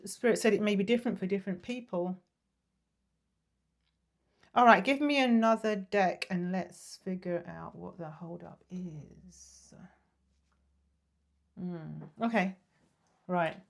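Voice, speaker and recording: A woman giving a casual tarot reading, chatty and apologetic, drifting into soft murmurs and breathy sighs. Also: medium pitch. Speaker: tarot reader.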